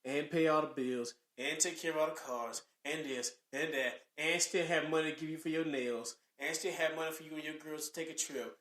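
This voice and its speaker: A man co-hosting a casual podcast with a Southern US accent, ranting in an animated, preachy way. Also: on the high side, a little fast, hardly any pauses. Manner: animated, preachy rants with mock voices. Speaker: podcast co-host. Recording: echoey room.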